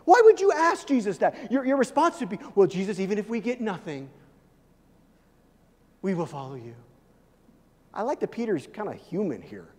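A man with a high, light voice delivers a sermon in a big hall, and his words ring out with a long echo. He swings between loud, emphatic calls and hushed, intense stretches, often repeating words as he presses a point. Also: very animated, moderate pace, long pauses. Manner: repeats words and restarts when stressing a point. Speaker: pastor.

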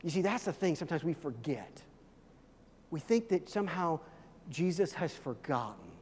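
A man with a high, light voice delivers a sermon in a big hall, and his words ring out with a long echo. He swings between loud, emphatic calls and hushed, intense stretches, often repeating words as he presses a point. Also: very animated, normal speed, a little hiss or hum. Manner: repeats words and restarts when stressing a point. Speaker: pastor.

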